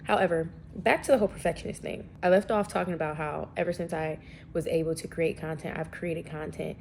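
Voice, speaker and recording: A woman's voice: deep voice, steady tone, brisk, vocal fry, a little hiss or hum. A young woman vlogging in a casual, rambling and slangy way, a little sniffly from allergies. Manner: chatty, rambling, slangy and self-deprecating. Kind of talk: casual vlog chat.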